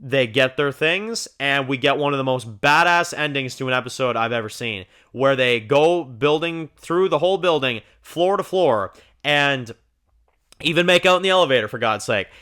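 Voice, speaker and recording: A man recapping a TV episode for his review channel. He talks in a loose, rambling way, full of "you know" and restarts, and gets excited by his favorite scenes. His voice is bright and forward, at a middle pitch. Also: moderate pace. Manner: chatty, rambling with fillers, excitable. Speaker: TV review host.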